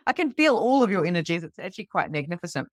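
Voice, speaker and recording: Lively New woman, lowish voice. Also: fairly quick, dry recording, studio quality. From New Zealand. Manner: animated, swearing freely, emphatic repetitions. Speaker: psychic medium teaching beginners. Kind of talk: casual storytelling talk to a live online group.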